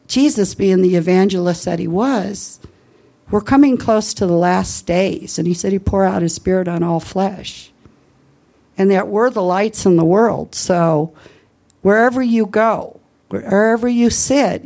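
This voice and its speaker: A woman's voice: mid-range voice, vocal fry. A woman giving an informal Christian talk, earnestly telling personal evangelism stories. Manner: earnest, lively storyteller. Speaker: Christian speaker sharing evangelism testimony.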